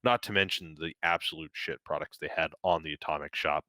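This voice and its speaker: A man's voice: rumbling low, fairly even intonation, fairly quick, bright, forceful tone, no echo, clean studio sound. A man co-hosting a podcast, talking casually and at length, with many fillers and restarts and some casual swearing. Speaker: podcast co-host. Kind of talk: casual chat.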